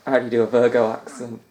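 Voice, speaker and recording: A young man gives loose, rambling let's-play commentary and laughs often. His voice sits at an ordinary mid pitch. The recording has a roomy echo. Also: a little mellow. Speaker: gaming YouTuber.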